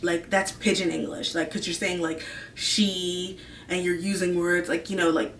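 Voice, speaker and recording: A woman's voice: lowish voice, level tone, moderate pace, fairly bright tone, soft background music. Chatty woman vlogger in a roomy space. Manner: rambling, many fillers, gushing. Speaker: video host. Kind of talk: casual chat to camera. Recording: roomy room, mic at a distance.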